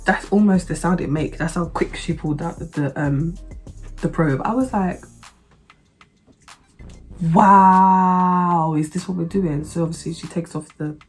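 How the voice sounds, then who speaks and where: A woman telling a story to camera in a blunt, sarcastic, expressive way. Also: low-pitched, normal speed, slightly rough, faint music behind. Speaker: vlogger. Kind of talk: animated storytime monologue.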